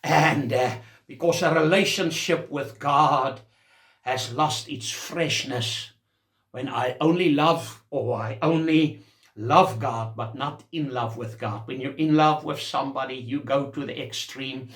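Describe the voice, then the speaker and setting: A man's voice: medium pitch, unhurried, a bit bright, echoey room. A man preaching a sermon as senior pastor, with a South African accent, exclaiming as he goes.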